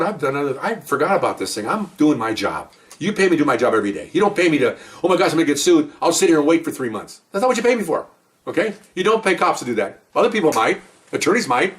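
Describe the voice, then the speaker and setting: A fast-talking man recounts his police work in loose, rambling storytelling, voicing each side of the conversation as he goes. He sits some distance from the microphone, so his voice sounds a little far off. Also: a little high, a bit bright. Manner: rambling, conversational, acts out quoted dialogue. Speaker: police officer telling stories. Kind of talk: casual spoken storytelling. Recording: voice distant from the mic.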